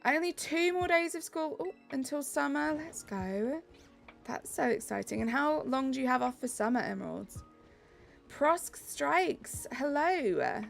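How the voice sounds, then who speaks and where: A woman's voice: sits high, animated, a little slow, vocal fry, soft background music. A young woman from England with a Southeast English accent, chatting upbeat with her live-stream chat while she plays.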